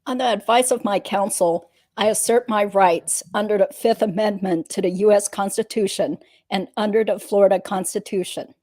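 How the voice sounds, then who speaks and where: Woman reading a guarded witness, short clipped answers, mellow tone. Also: mid-range voice, steady tone, normal speed, few pauses, no echo, natural voice.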